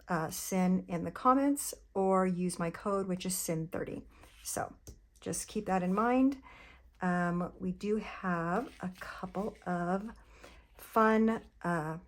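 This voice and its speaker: A woman talking casually to her viewers while showing a sticker haul, chatty and gushing with lots of fillers. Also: medium pitch. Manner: chatty, gushing, addresses viewers as "you guys". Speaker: planner vlogger.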